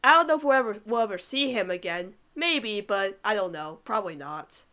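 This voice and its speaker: A woman's voice: mid-range voice, expressive, fairly quick, bright, forceful tone. A woman co-hosting a podcast in casual chat, chatty and giggly, trailing off with filler words. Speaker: podcast co-host reviewing cartoon episodes.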